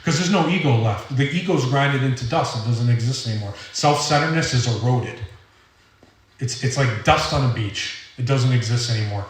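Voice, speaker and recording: A young man with a Rhode Island accent giving an earnest, rambling personal testimony at a recovery meeting, halting often with fillers. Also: medium pitch, far from the mic. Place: meeting hall. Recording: roomy hall audio from off-mic.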